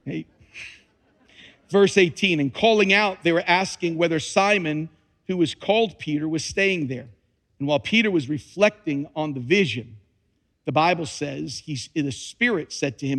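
A pastor with an expressive voice on the high side, a bit bright, preaches at a moderate pace. Scripture comes out dramatic, full of emphatic repetition and humorous touches. The church sanctuary adds the long reverb of a large hall.

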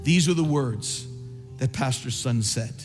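A male pastor preaching a sermon and altar call, passionate and repetitive, swinging from soft pleading to shouting. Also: mid-range voice, measured pace, big-room sound, soft background music. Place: large church.

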